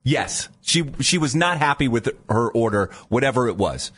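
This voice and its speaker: Lively-voiced man co-hosting morning radio. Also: mid-range voice, moderate pace, breathy edge. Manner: playful, jokey, reads station liners. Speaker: radio morning show co-host. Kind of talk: casual radio banter. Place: radio studio.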